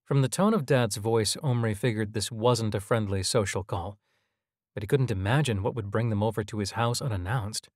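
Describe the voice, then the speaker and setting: A man narrating a scripted audio drama in an even, measured storytelling manner. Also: lowish voice, no echo, studio quality.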